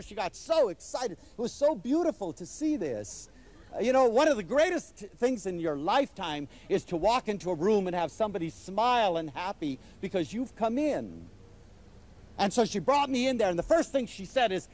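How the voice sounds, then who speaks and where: Enthusiastic man lecturing a crowd, lively voice that swoops all over, pitched kinda high. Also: moderate pace. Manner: enthusiastic, animated storytelling. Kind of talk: inspirational lecture to a live audience.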